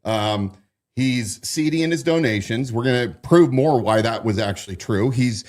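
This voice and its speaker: A man delivers a loose political commentary monologue as host, at a mid-range pitch. He trips over his words now and then, restarting sentences and filling gaps with "uh". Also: expressive, moderate pace, a little mellow. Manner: restarts and fillers, stumbles over explanations.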